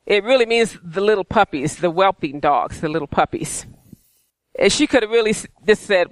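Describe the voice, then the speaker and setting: A man preaching a sermon with fervent, repeated exhortations that at times sink into a low, intense prayerful murmur. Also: animated, brisk, fairly bright tone, dry recording.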